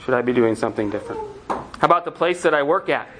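A man's voice: mid-range voice, expressive, fast, background noise. A man preaching a sermon as pastor, asking the congregation earnest rhetorical questions.

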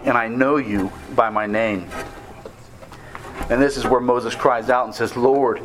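A man preaching a sermon on a scripture passage, earnest and measured, slowing down to stress key words. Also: fairly high pitch, fairly bright tone, rough recording.

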